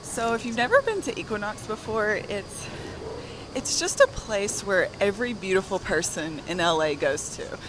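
Soft-spoken Southern woman, out of breath. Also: mid-range voice, expressive, moderate pace, background noise. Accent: Southern American. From American South. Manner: soft, giggly, rambling. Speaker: guest. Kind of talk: casual storytelling. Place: gym on a treadmill.

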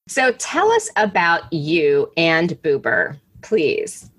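Husky-voiced woman host. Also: sits low, wildly swooping pitch, takes it slowly, a bit bright. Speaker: interview host. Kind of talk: conversational interview.

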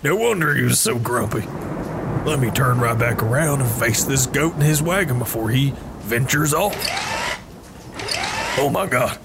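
A man doing deadpan, absurd in-character commentary while playing a game. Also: medium pitch, moderate pace, vocal fry, pauses often, background noise. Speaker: game video creator. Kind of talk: comedic role-play game commentary. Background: music.

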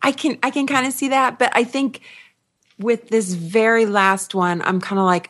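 A woman's voice: fairly high pitch, steady tone, normal speed, a bit bright. A woman co-hosting a gaming podcast, talking in a frank, opinionated way and laughing easily. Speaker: podcast co-host. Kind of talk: casual podcast chat.

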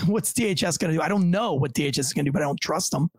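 A man's voice: on the high side, rapid-fire, dry recording. A man who works as a police officer, telling a long story in casual, profane talk and acting out the lines of the people in it. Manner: profane, acts out the voices of others in his stories.

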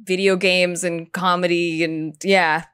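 A woman's voice: lowish voice, level tone, fairly bright tone, smooth. A young woman in casual chat who talks with lots of likes and uhs and jokes easily. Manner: filler-heavy, says like often, quick to joke.

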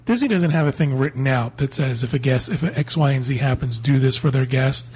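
A man co-hosting a casual podcast, his voice deeply husky and raspy. He explains things plainly and practically, at a middle pitch. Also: a little fast, a little mellow. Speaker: podcast co-host.

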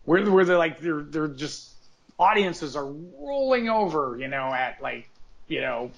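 A man's voice: fairly high pitch, lively intonation, a little slow. A man co-hosting a podcast, talking casually in a rambling way full of restarts and fillers. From United States. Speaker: podcast co-host. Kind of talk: casual chat.

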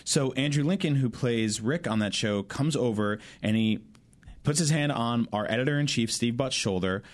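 A man's voice: medium pitch, moderate pace. A man co-hosting a games podcast, telling rambling stories in casual chat with lots of fillers. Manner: rambling storyteller, many fillers. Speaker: podcast co-host.

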